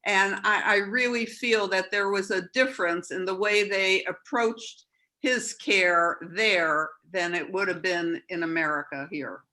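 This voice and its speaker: Older woman, unhurried, bright and clear, reflective guest. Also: mid-range voice, fairly even intonation, rough recording. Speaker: participant. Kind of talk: casual group chat.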